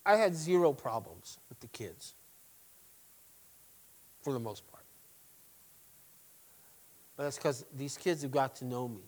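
A middle-aged man, a pastor, preaching a sermon, swinging between loud emphatic stresses and quiet asides. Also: mid-range voice, lively intonation, slow pace, pauses often, low-quality recording.

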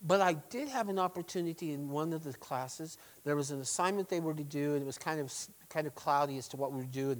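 A man's voice: a little high, poor audio. Middle-aged male pastor preaching emphatically. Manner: emphatic preaching, swings between loud stresses and quiet asides. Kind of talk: sermon.

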